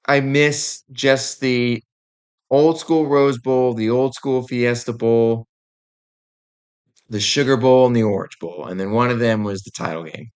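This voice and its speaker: Young male host, average pitch, worked-up casual rant, heavy on fillers. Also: a little slow, clean tone. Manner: animated, exasperated, casual with many fillers. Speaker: podcast host. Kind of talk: opinionated sports rant.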